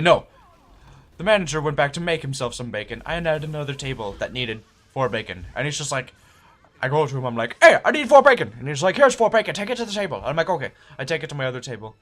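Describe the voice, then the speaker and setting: Animated young man telling a story. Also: mid-range voice, fast. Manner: animated, profane, acts out quoted voices. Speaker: server telling a work story. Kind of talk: casual storytelling vlog.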